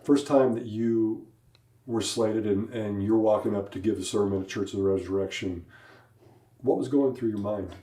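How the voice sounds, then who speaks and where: Mellow-voiced male host, heard from afar. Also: fairly low pitch, steady tone, normal speed. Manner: supportive, short affirmations and open questions. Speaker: podcast host. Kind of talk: interview. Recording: distant, echoey room mic.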